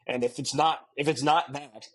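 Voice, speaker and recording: A man co-hosting a casual sports podcast, animated and quick to laugh. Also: a little high. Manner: animated, laughs often, does joking voices. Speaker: podcast co-host.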